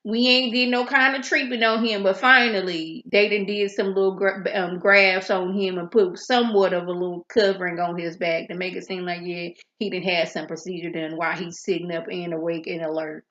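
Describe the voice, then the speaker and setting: A woman's voice: on the low side, little pitch movement, fairly quick, few pauses, a bit bright, roomy sound, highs cut off. A woman reviewing a TV drama episode in a casual recap, chatty and sassy, acting out the characters' lines.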